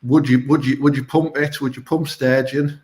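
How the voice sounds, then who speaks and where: A man's voice: medium pitch, level tone, moderate pace, darkish tone. A man, co-hosting a crude comedy chat show in a blunt, rambling way. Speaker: co-host.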